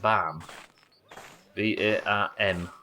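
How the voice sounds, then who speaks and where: Man, live game stream, chatty, rambling, lowish, forceful. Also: fairly even intonation, extremely slow, a little hiss or hum. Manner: chatty, rambling, chats with viewers. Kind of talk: casual gaming commentary.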